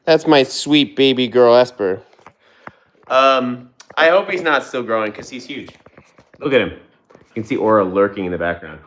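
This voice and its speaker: A man's voice: medium pitch, expressive, moderate pace, a bit bright. A young man hosting a casual livestream from home, talking loosely with fillers and restarts, recorded on a phone. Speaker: livestream host and dog owner. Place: home, with dogs nearby. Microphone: phone on a tripod, vertical stream.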